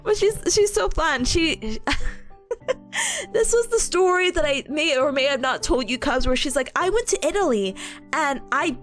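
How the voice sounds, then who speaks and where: A young woman streamer chatting casually with her viewers, telling stories in a bubbly, giggly way and acting out excited quotes. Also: sits high, moderate pace, soft background music.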